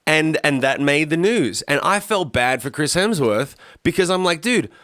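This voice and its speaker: Australian man, podcast co-host, sweary rant, slightly high voice, dry sound. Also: lively intonation, moderate pace, a bit bright, dry recording. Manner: profane, ranting storyteller. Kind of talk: casual podcast chat.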